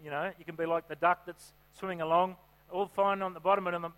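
High-voiced male preacher. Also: flat delivery, quick pace, a bit bright, clear, resonant tone. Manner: chatty, joking, asks the crowd questions. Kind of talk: sermon. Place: church hall. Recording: reverberant hall with mains hum.

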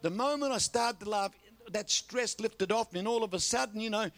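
Animated older Australian preacher, high voice. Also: male voice, a little fast. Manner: animated storytelling with repeated audience call-outs. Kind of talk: sermon.

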